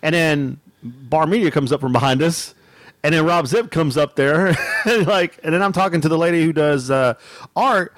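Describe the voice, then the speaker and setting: A man's voice: fairly high pitch, dry recording. A man co-hosting a podcast, chatting casually and reacting with lots of laughter. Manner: animated, laughs a lot, quick reactions. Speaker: podcast co-host. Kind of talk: casual chat.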